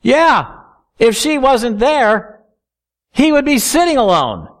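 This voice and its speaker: A middle-aged man preaching a sermon as pastor, earnest, slowing down to stress key words. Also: extremely high pitch, big pitch swings.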